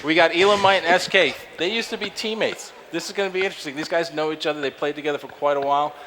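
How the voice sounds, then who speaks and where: A man's voice: fairly high pitch, pushed and bright, a little hiss or hum, low-quality recording. A man co-hosting a live video game broadcast as color commentator, bantering and joking with his partner. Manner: jokey, quick banter with co-host.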